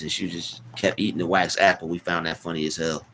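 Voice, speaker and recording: A man hosting a casual live stream, rambling, repeating words and giving shout-outs to chat. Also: low-pitched, fairly even intonation, brisk, slight background noise.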